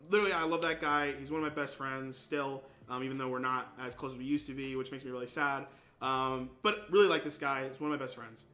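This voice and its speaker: A young man streaming games and chatting casually with viewers, telling stories animatedly and acting out quotes with sudden jumps in pitch. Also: sharp tone. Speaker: gaming streamer.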